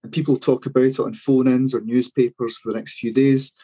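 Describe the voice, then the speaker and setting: A man, co-hosting a sports podcast and explaining things in a measured way. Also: mid-range voice, level tone, mellow, breathy edge, low-quality recording. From Scotland. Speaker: podcast co-host. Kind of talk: casual chat.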